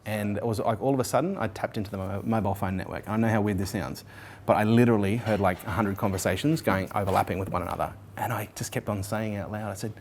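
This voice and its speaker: A man in his forties tells a long personal story at a quick clip, words tumbling out one after another. He is animated and swears freely, and he slips into the voices of the people in his story. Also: lowish voice, slight background noise. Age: 40s. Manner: animated, swears freely, acts out quoted speech. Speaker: interviewee. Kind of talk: storytelling in an interview.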